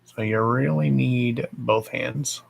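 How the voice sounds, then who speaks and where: A gravelly, mid-range male voice with fairly even intonation speaks slowly over a low-quality recording. He has a Texan accent and hosts a casual psychic live stream, chatting freely, using endearments for viewers, and cursing offhandedly.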